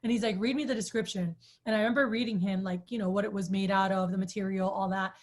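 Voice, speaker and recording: A woman in her thirties, chatty and animated, telling a personal story to a group, with many "like"s. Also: medium pitch, quick pace. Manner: chatty, animated, says "like" often. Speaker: sales trainer.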